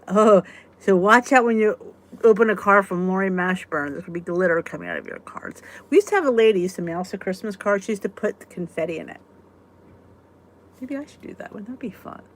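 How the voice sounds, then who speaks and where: A woman with a mid-range, very animated voice hosts a live weight-loss support chat. She talks casually and exclaims a lot, reading out viewers' comments and quickly venting with a laugh.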